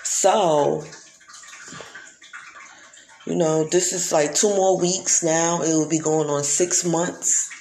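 A woman's voice: low voice, steady tone, takes it slowly, long pauses, darkish tone, a little hiss or hum. A woman vlogger in a casual monologue, talking emphatically and preachily, often repeating herself. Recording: echoey room.

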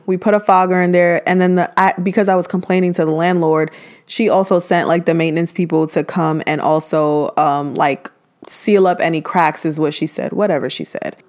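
A young woman vlogger telling a dramatic story in a casual, animated way, acting out the voices of the people in it. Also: fairly low pitch.

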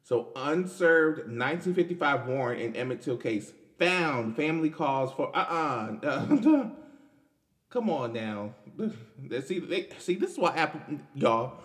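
A man's voice: on the high side, lively intonation, measured pace, a bit bright. A young man, hosting a casual podcast and commenting on news in a loose, chatty way with restarts and laughs. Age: 20s. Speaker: podcast host.

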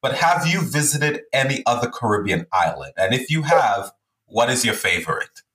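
A man's voice: mid-range voice, very animated, moderate pace, pushed and bright, echoey room, rough recording. A man hosting a podcast interview, conversational, often laughing and restarting his sentences. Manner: conversational, laughs often, repeats words when starting sentences. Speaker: podcast host. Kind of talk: casual interview chat.

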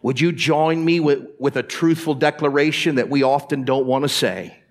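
A man's voice: mid-range voice, normal speed. A man preaching a sermon as pastor in a church, talking straight to the congregation and asking them to answer back. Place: church sanctuary.

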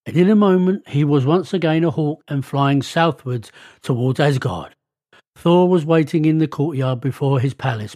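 A man narrating a myth as a storybook reading, steady and clear. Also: on the high side, no echo, clean studio sound.

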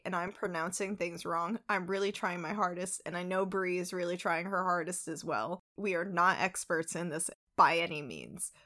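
A woman's voice: fairly low pitch, bright, forceful tone. Chatty New York woman co-hosting. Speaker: podcast co-host. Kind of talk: casual chat.

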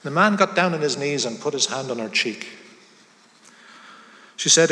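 Man, preacher, sermon storytelling, dramatic, loud then hushed, reverberant hall. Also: a little high, animated, normal speed, pauses often.

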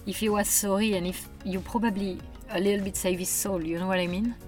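A woman's voice: medium pitch, fairly even intonation, fairly quick, a little mellow, faint music behind. A woman, earnestly making her case in a casual conversation. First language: French. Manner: earnest, emphatic, persuasive.

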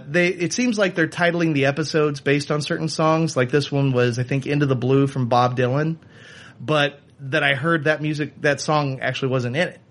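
A man co-hosting a casual podcast, reviewing a video game in quick bursts broken by fillers. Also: a little high, a bit bright. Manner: talks fast in bursts, many fillers. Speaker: podcast co-host. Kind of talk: casual chat.

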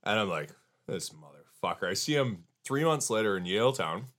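A man co-hosting a podcast tells rowdy anecdotes in casual chat. His pitch swings widely as he acts out other people's lines. He swears often. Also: a little fast. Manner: profane, animated storyteller, mimics people. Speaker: podcast co-host.

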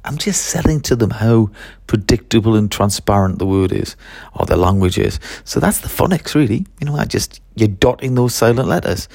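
Low gravelly-voiced male teacher. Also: animated, moderate pace, a little mellow, dry recording, clean studio sound. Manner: chatty and practical, with fillers and restarts. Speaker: French teacher. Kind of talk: solo podcast monologue.

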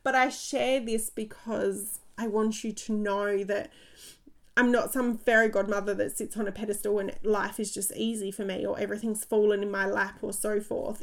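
A woman in her thirties talks straight to her listeners in a motivational podcast monologue. She tells her stories in an excited, chatty rush and laughs easily. Her voice has a gravelly fry running through it. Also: medium pitch. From Australia. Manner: energetic, chatty storytelling with frequent laughs. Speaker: podcast host and coach.

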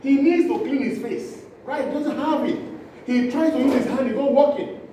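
A male preacher, delivering an impassioned sermon, acting out scenes and swinging from loud cries to low asides. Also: moderate pace. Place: church hall. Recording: echoey hall, distant mic, noisy.

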